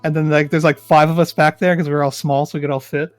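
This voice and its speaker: A man's voice: fairly high pitch, fast talker, no echo, soft background music. A man co-hosting a casual online talk show, telling a childhood story with acted-out quotes and plenty of swearing. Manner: animated storyteller, acts out quotes, swears freely. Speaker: podcast co-host.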